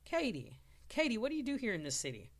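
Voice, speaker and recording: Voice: medium pitch, huge pitch swings, fast talker, voice pushed up. A reader voicing a bold, confident young woman rider from the frontier, teasing and forward.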